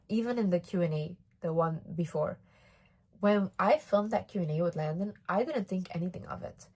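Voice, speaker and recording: A young woman speaks straight to camera, telling a personal story in a loose, confiding way. Her voice sits a little lower than most women's. She leans hard on the key words and lets curses slip without a second thought. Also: darkish tone. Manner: candid, emphatic and swears freely. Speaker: vlogger.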